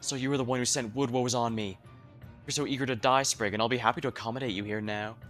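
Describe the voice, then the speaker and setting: A man's voice: medium pitch, steady tone, fast talker, a bit bright, lightly acted. A man reading a haughty, cruel fairy queen. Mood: disdainful. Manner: haughty and disdainful. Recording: faint game music behind.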